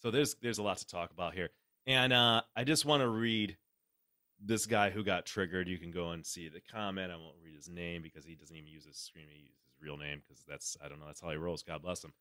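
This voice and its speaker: A man's voice: deep voice, brisk, no echo, clean studio sound. A man hosting a podcast, ranting sarcastically and swearing in casual chat. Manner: sarcastic, animated ranting with lots of profanity. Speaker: podcast host.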